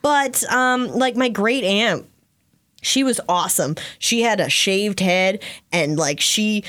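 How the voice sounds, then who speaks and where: A woman in her thirties chatting on a podcast with friends. She talks at length in a loose, animated way and breaks into laughter as she tells stories. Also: mid-range voice, takes it slowly. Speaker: podcast co-host. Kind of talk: casual chat.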